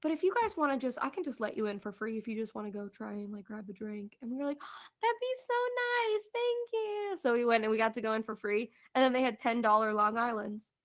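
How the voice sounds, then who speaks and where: A woman's voice: a little high, fast, few pauses. Chatty young woman telling a travel story. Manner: chatty, laughs often, acts out quotes. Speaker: podcast co-host. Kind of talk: casual chat, storytelling about a trip.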